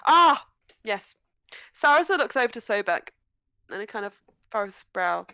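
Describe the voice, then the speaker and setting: A woman narrating as game master of a tabletop game, chatty and quick to laugh. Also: on the high side, sing-song, sharp tone, clear, resonant tone, dry recording.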